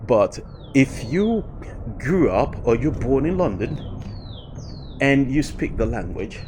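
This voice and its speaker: A man talking through his thoughts in a casual commentary video, pausing often with fillers and restarts. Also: mid-range voice, sing-song, noisy background. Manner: reflective, with frequent fillers and restarts. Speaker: vlogger.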